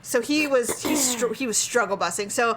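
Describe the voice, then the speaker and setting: A podcast co-host with a fairly high voice tells a story during casual chat at a moderate pace. She is animated and acts out the voices of the people in her tale.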